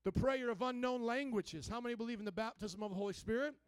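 A man with a strikingly high, smooth and resonant voice preaches a sermon, calling out questions to his congregation and climbing to near-shouts. The sound is dry and close, with no room around it. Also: fast talker, no room sound. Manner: call-and-response preaching, rising to near-shouts. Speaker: pastor.

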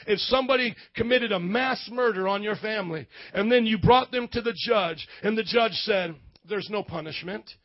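A man with a high voice preaching with passion, often turning to ask his listeners if they follow him. The recording is dull and lo-fi. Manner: impassioned preaching, calls to the congregation. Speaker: pastor. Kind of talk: sermon.

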